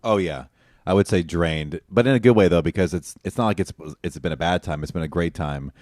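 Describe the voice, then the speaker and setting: Radio show regular, male, low voice, quick rambling storyteller. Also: a little mellow, no echo, studio quality. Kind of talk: casual chat.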